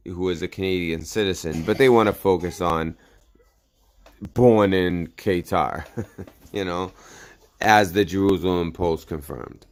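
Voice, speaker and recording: A man whose voice sits low runs a political commentary channel. He reads news stories out loud, occasionally trips over his words, and cuts in with sarcastic remarks.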